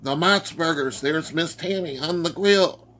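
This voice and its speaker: Upbeat Detroit vlogger; slow, unhurried, exclamatory slideshow narration. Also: male voice, a little high, a bit bright. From Detroit, Michigan. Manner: upbeat, exclamatory, keeps saying "oh".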